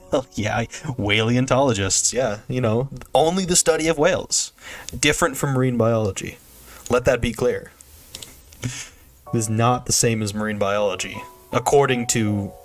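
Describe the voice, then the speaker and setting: A man's voice: mid-range voice, moderate pace, faint music behind. A young man chatting casually on a game stream, rambling and joking with frequent laughter. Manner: rambling, jokey, laughs often. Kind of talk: casual gameplay stream chat.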